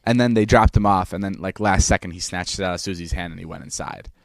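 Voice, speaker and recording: A young man with a fairly low voice spins a rambling story on a podcast, doubling back on his words and dropping curses. The sound is close and dry, with no room around it. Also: quick pace, vocal fry, dry recording. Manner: rambling, repeats words, swears freely. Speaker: podcast co-host. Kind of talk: casual storytelling chat.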